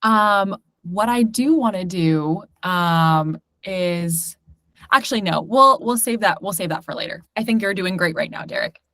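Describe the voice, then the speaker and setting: A woman's voice: medium pitch, a little slow, sharp tone, dry recording, studio quality. A woman hosting a webinar, encouraging the speaker and inviting questions. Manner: friendly, encouraging moderator. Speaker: webinar host.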